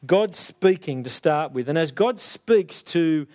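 Young man, sermon, animated storytelling, fairly high voice. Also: takes it slowly. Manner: animated, acts out voices of biblical figures. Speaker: preacher.

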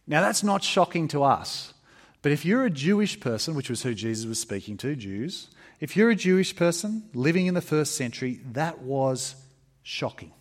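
A man preaching a sermon in an emphatic, conversational way, with fillers and restarts. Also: normal speed. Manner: expressive, emphatic preaching with varied pitch. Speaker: pastor.

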